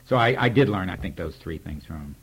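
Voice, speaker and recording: Older man, deep husky voice, candid and wry, tells anecdotes about a mentor. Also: expressive, fairly quick. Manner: candid, wry storyteller who acts out remembered dialogue. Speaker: poet recalling a mentor. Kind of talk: reflective spoken reminiscence.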